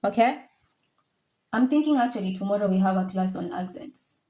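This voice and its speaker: A woman's voice: medium pitch, expressive, normal speed, warm tone. A woman teaching a live online French class, patiently repeating each word to drill its pronunciation and mixing in English and some Swahili.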